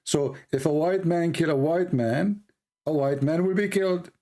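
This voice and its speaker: A man with an Arabic accent hosting a heated online debate, hoarse and coughing, pressing the same questions again and again. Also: fairly high pitch, normal speed, mellow. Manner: insistent, repeats questions. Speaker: debate host.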